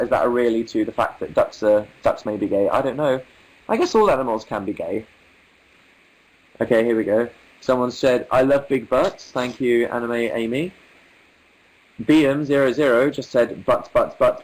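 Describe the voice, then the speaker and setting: A man's voice: mid-range voice, normal speed, darkish tone, poor audio. A young English man hosting a casual livestream, reading viewer comments aloud with wry, amused asides in an articulate manner. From England. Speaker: livestream host.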